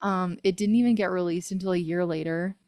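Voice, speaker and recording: A woman's voice: lowish voice, steady tone, a little fast, darkish tone, no echo, clean studio sound. A woman in her thirties, a singer-songwriter guest, telling a personal story in a casual interview, earnest and emotional, with frequent laughs and fillers.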